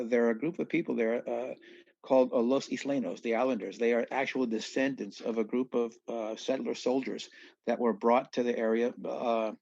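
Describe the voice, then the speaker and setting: A man from southeast Louisiana with a gravelly, creaky voice, speaking as a podcast guest in a dry, slightly dull recording. He tells long stories animatedly, doubling back on himself with asides and restarts. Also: medium pitch, darkish tone, no room sound. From southeast Louisiana, USA. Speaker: guest musician. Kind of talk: storytelling in a casual podcast chat.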